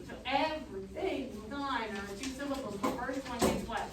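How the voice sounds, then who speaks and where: A woman leading a choir rehearsal, giving brisk, encouraging instructions and singing short examples. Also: fairly high pitch, background noise. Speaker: choir teacher. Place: rehearsal room. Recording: echoey room, mic far off.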